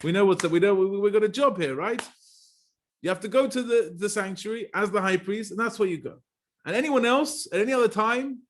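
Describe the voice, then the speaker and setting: Middle-aged male rabbi, higher-pitched voice, lively Torah-class storyteller who mixes Hebrew terms into his English. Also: quick pace.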